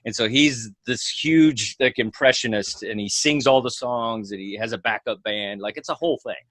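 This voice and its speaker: A man with a bright, forceful voice, recorded dry and close. He is a comedian guest on a podcast, telling a story in a rambling, animated way and swearing freely. His pitch sits mid-range. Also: moderate pace, no room sound.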